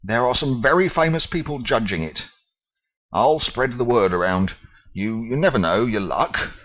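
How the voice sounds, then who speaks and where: A man's voice: mid-range voice, expressive, moderate pace, fairly bright tone, poor audio. A man reading aloud and voicing a flustered middle-aged male foreman who wails when upset. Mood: friendly. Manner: wailing, flustered.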